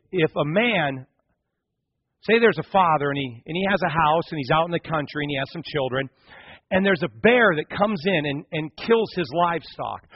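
A man's voice: a little high, husky, no room sound. A man preaching a sermon, telling a story and building to impassioned, rising climaxes. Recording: muffled lo-fi sermon recording.

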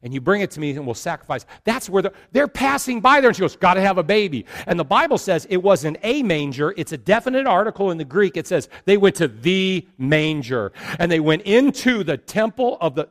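A middle-aged man preaching a sermon as pastor, acting out the people in the story as he retells it. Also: high voice. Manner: animated, acts out quoted characters.

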